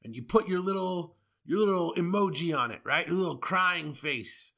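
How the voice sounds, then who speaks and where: A man from the United States hosts his podcast in a furious, swearing rant. His voice sits high and sounds bright and forceful. He breaks off into mocking asides. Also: lively intonation, moderate pace, gravelly. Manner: heated, profane, sarcastic asides. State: angry. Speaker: podcast host. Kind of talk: angry political rant.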